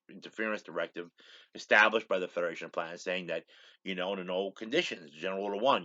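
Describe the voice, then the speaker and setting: A man's voice: sits low, bright, forceful tone, muffled recording. A man hosting his own show, casually retelling a TV episode in a rambling way, saying "he goes" over and over. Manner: rambling, repeats "he goes" constantly. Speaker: show host.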